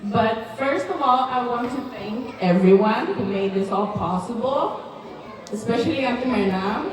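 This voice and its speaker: A woman's voice: fairly high pitch, moderate pace. A young woman giving a nervous, tearful birthday speech for her cousin, laughing between words. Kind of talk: emotional birthday toast. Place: large hall at a party. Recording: echoey hall, mic far off, crowd noise. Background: party crowd.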